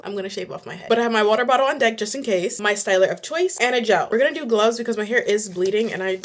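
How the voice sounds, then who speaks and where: Young woman vlogger, slightly high pitch, casual and chatty, talks through each step at home. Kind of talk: casual hair tutorial vlog.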